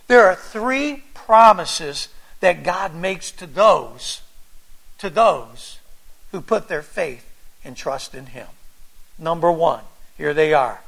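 Male pastor preaching, slow, deliberate delivery with a bright edge. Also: extremely high pitch, animated, vocal fry. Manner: preaching with rising fervor and scripture reading. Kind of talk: sermon.

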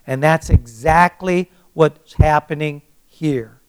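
This older man preaches slowly, first booming through scripture and then telling a personal story plainly and conversationally. His tone is clear and resonant.

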